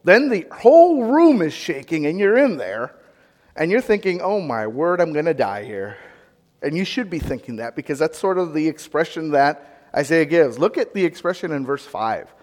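Pastor type, man, high and very lively voice, chatty sermon in a reverberant hall. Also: normal speed. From United States. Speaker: pastor or Bible teacher. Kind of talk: interactive sermon.

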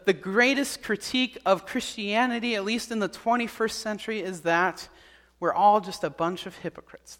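A man's voice: high-pitched, fairly bright tone. A man preaching a sermon as pastor, earnest and repeating his key points. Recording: long hall reverb.

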